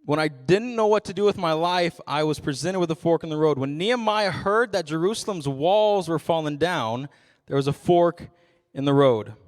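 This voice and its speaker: A man's voice: on the high side, expressive, normal speed, long reverb tail. A young adult man giving a youth sermon as a ministry intern, casual and self-deprecating with frequent jokes.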